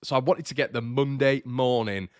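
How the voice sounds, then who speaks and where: A young man hosting a casual morning football fan show, chatty and energetic, repeating words for emphasis while answering viewer comments. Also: medium pitch, moderate pace, smooth, no echo, clean studio sound. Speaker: football fan channel host.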